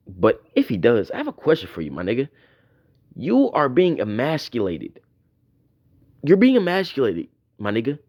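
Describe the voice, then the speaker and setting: A man delivering a profane, mocking tirade in a commentary video. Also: medium pitch. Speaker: YouTube commentator.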